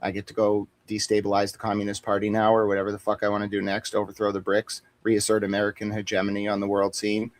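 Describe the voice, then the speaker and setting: A man's voice: lowish voice, completely flat delivery, fast talker, few pauses, dry recording. Profane, boastful man joking on a dry mic. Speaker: guest on a boxing talk stream. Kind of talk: casual livestream banter.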